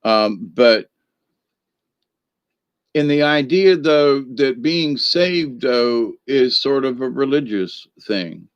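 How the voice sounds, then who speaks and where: A man's voice: medium pitch, expressive, slow, clear, resonant tone, no room sound, muffled recording. A man hosting a rambling spiritual livestream in a folksy, feisty manner, laughing often and greeting viewers by name. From northern United States. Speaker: livestream host reading viewer comments.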